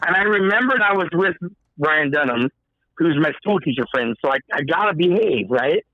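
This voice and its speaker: A man's voice: a little high, expressive, moderate pace, no echo, narrow, tinny audio. A man, a podcast guest, telling a story in a casual, profane way and acting out the quoted dialogue. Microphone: podcast microphone.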